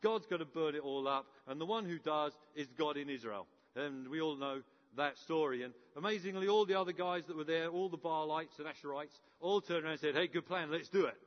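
A man's voice: on the high side, a little fast, hardly any pauses. A man preaching a sermon, telling a story with playful humour and acting out the characters. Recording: muffled with long hall reverb.

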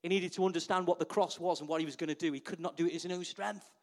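A pastor with a high voice delivers a lively sermon. He keeps turning to the congregation with rhetorical questions, drawing them in as he preaches. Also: racing.

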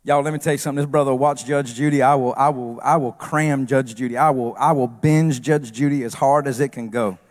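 A male preacher giving a humorous sermon on a church stage that builds into shouted preaching. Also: medium pitch, steady tone, fairly quick, few pauses, big-room sound.

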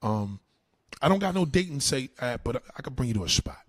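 A man's voice: mid-range voice, very animated, brisk, no room sound. A man, ranting in a combative way at a livestream's comments, with heavy cursing, slang and repeated retorts. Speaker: livestream host answering comments.

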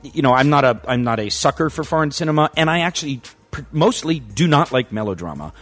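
A man's voice: mid-range voice, fast. A man co-hosting a podcast in casual chat, rambling and correcting himself as he talks. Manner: rambling, animated, self-correcting. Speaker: podcast co-host.

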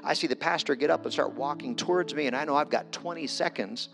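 A man's voice: fairly high pitch, quick pace, creaky. A middle-aged man giving a conversational storytelling sermon as a guest preacher, self-deprecating and acting out his own quotes. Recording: long hall reverb with music.

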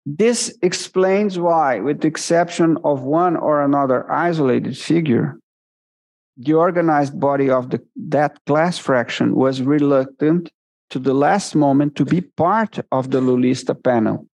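Husky man lecturing. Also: on the high side, a little mellow. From Brazil. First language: Portuguese. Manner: measured, deliberate delivery with self-corrections. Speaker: guest speaker at an academic seminar. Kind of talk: academic lecture.

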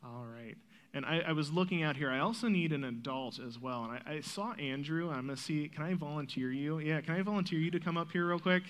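A man with a high, bright voice leads a Bible story skit for children on a church stage. He coaxes the kids along warmly and tells the story with lively energy. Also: brisk. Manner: lively storyteller, coaxing and encouraging.

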